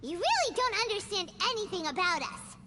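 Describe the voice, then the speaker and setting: A woman voicing a tiny, excitable female fairy companion who talks about herself in the third person, in a game. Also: very high-pitched, fairly quick. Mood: huffy. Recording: game audio with loud background noise.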